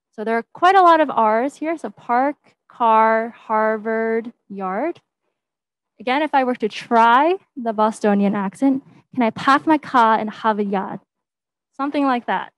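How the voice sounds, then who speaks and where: Woman tutor, bright and fairly high, dry close sound, explaining accents. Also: no echo. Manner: explanatory, with fillers and demonstrations. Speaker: teaching fellow. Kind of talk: online language lesson. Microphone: video call.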